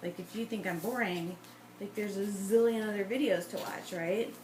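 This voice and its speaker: A woman talking in a loose, rambling way as she works on a scrapbook. She drifts from one tangent to the next and laughs often. Her voice sits at an ordinary middle pitch. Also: steady tone, moderate pace, darkish tone, slight background noise, rough recording. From United States. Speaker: scrapbooking vlogger. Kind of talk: rambling casual chat.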